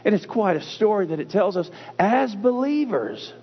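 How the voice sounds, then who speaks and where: A man preaching a sermon in a church. He talks emphatically and repeats key phrases with slow, drawn-out stress. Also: high-pitched, animated, breathy edge. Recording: dull recording with long hall reverb.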